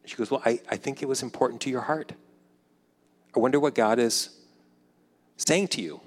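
A man's voice: mid-range voice, moderate pace. Man in his fifties telling a story in a big hall. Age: 50s. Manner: conversational, acts out quoted dialogue, drops softer when reflective. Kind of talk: personal storytelling. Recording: long hall reverb.

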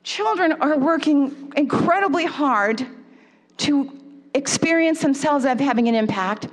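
Woman speaker, high voice, animated lecture, long hall reverb. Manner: animated, asks the audience questions. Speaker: parenting workshop speaker. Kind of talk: lecture to a live audience.

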